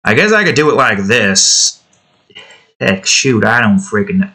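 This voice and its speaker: A man with a bright, forward voice talks his way through building a game. He is from the United States and rambles casually, cracking jokes and swearing. He chats to the pieces on his screen as if they could hear him. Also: fairly low pitch, big pitch swings, unhurried. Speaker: hobby game developer.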